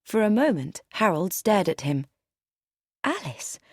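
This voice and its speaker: A woman narrating an audiobook with expressive, varied storytelling. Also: lowish voice, a little slow, dry recording, studio quality.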